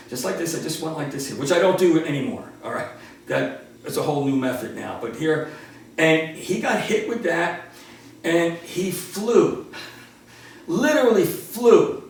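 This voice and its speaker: A man's voice: a little high, normal speed, a little hiss or hum. Man in his sixties, echoey room. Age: 60s. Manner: animated, laughing storyteller. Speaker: martial arts instructor. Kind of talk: casual storytelling. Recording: roomy, distant from the mic.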